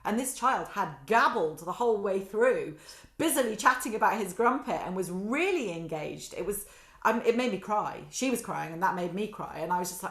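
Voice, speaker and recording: A woman, a guest telling animated stories in a casual podcast chat. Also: mid-range voice, normal speed. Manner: animated storytelling, quotes others in lively voices. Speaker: guest, children's author. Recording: roomy echo.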